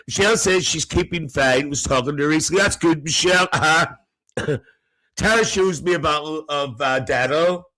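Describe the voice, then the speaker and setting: Guy putting on a gossipy older auntie, chatty, teasing, brightish, keeps squealing up high. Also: normal speed, poor audio. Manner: chatty, teasing, laughs between lines, swoops into high squeals. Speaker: live-stream host. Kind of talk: live comedy character stream.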